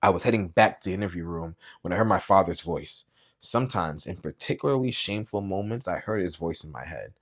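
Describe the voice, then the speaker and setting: A man reading a novel aloud as a booktube reader, with quiet, low-key, even narration. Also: fairly quick.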